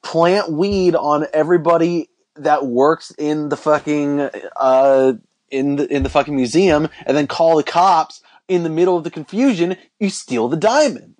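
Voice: mid-range voice, a little slow, darkish tone. A podcast panelist joking wryly and firing off incredulous questions. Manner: wry, incredulous questioning with sarcastic jokes. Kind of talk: casual comedic podcast chat.

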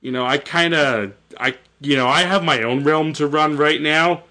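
A man's voice: on the high side, moderate pace, pushed and bright. A man voicing a scheming male sorcerer who talks in a mock-reasonable tone. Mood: wheedling.

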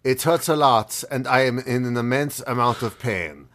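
Picture a man putting on a gloomy male filmmaker voice, flat and deliberate, stating everything in deadpan. The voice sits at a middling pitch and moves slowly. It is a comedy podcast bit. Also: natural voice. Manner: deadpan, slow, self-announcing.

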